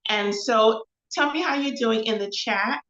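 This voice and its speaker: A woman's voice: fairly high pitch, measured pace, fairly bright tone. A woman hosting a casual live show, chatty and repetitive, often calling her viewers y'all. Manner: chatty, repeats phrases, addresses viewers as y'all. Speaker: host of a live show and podcast. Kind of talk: casual livestream talk with faith references. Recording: echoey, slightly dull livestream audio.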